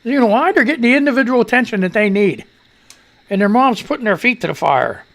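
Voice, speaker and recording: A man rants his way through the day's news on a live show. His talk is loose and profane, with a gravelly rasp, and his pitch leaps all over the place. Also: fast talker. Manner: loose, profane, animated ranting. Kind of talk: casual live news commentary.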